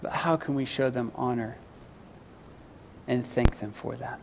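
A man's voice: medium pitch, unhurried, vocal fry, highs cut off. A man preaching a sermon, earnestly putting questions to his congregation with some self-deprecating humor. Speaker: pastor.

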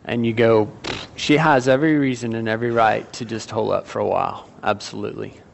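A man leading a church service as pastor, reading scripture aloud in a steady, measured way. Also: fairly low pitch, creaky. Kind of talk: sermon.

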